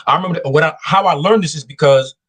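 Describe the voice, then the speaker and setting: A man's voice: a little high, fast talker, fairly bright tone, slightly rough. A man hosting a live talk show, giving casual dating advice and acting out quoted voices as he tells stories. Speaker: show host.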